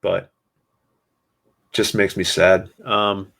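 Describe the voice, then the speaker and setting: A man hosting a solo podcast, talking in a somber, sarcastic way with many pauses. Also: deep voice, flat delivery, vocal fry, a bit bright. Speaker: podcast host.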